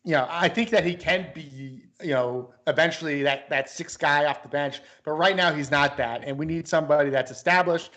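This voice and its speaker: A man's voice: on the high side, moderate pace, few pauses, a bit bright. A man co-hosting a casual sports talk show, rambling with lots of restarts and fillers as he chats about basketball. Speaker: sports podcast co-host.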